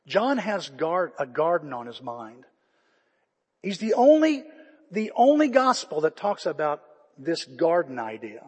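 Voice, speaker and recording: Older guy preaching, kinda husky voice, pitched a bit high, big church reverb. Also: big pitch swings, measured pace, long pauses. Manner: conversational preaching, retelling scripture with feeling. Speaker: pastor. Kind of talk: sermon. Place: church sanctuary. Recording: long reverb of a church hall.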